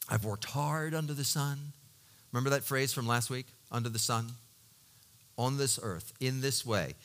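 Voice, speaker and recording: A middle-aged male pastor preaching a sermon, swinging from loud emphatic peaks to quiet, low storytelling, with halting restarts as he searches for words.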